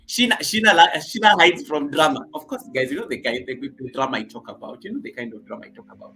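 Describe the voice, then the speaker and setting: A man hosting a casual live stream from his home set, greeting viewers by name and reading chat comments, with loud bursts of welcome between quiet asides into a laptop mic. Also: a little high, big pitch swings, quick pace, hardly any pauses, low-quality recording.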